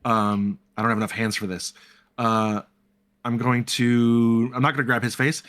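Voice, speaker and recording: A man's voice: mid-range voice, little pitch movement, normal speed, fairly bright tone. A man playing a character in a tabletop role-playing game, talking through his actions hesitantly with many fillers. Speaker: player.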